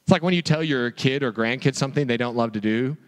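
A man preaching a sermon as a pastor, telling the story in an animated way and asking the listeners rhetorical questions. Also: mid-range voice, fast talker, in a large hall.

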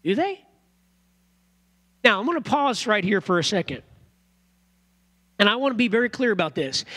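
A man preaching a sermon as pastor in a church, earnest and animated, often repeating phrases. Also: sits high.

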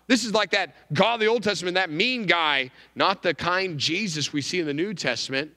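A male pastor giving a sermon, emphatic, with wide swings in pitch and volume. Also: normal speed, hardly any pauses, bright, forceful tone, big-room sound.

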